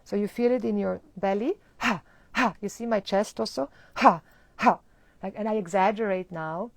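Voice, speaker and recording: Woman, chanting teacher, gravelly voice, slow drawn-out chanting, dry close sound. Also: on the low side, warm tone, dry recording. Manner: explains pronunciation, then chants words slowly. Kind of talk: live online mantra lesson.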